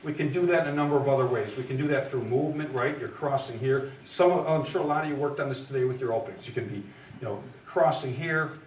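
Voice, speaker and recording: A man's voice: medium pitch, fast. A man teaching trial skills to lawyers in a live lecture, talking in a conversational, emphatic way and checking in with "right?" and "okay?", recorded far off in an echoey room with faint noise. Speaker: trial advocacy instructor.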